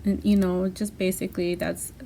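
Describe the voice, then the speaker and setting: Gushing woman with a gravelly edge. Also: lowish voice, level tone, normal speed, mellow, slight background noise. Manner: gushing, effusive, many "you know" fillers. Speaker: craft channel host. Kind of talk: casual unboxing chat.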